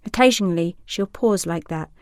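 A woman reads an adult story in a slow, sensual, measured voice. Her voice sits low. The recording is dry and intimate, with no room sound. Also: darkish tone, no room sound. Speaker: narrator. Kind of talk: scripted erotic story narration.

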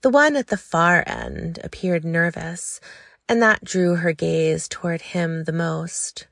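A woman narrating a story in a slow, lingering, intimate way. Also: lowish voice, very animated, vocal fry, dry recording, clean studio sound.

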